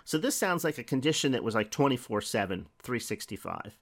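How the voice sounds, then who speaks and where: A man's voice: medium pitch, sing-song, brisk. A middle-aged man preaching a sermon in a conversational way, asking rhetorical questions and reading scripture aloud.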